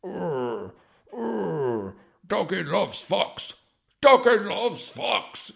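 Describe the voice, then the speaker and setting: A man voicing a dim, eager male hound dog that talks in slow, halting, childlike bursts. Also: high-pitched, big pitch swings, creaky, voice pushed up, exaggerated voice. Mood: excited.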